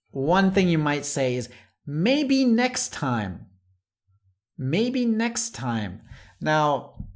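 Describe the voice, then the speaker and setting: Slow, deliberate English teacher. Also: medium pitch. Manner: slow and deliberate, repeats each phrase as an example. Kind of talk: English lesson for learners.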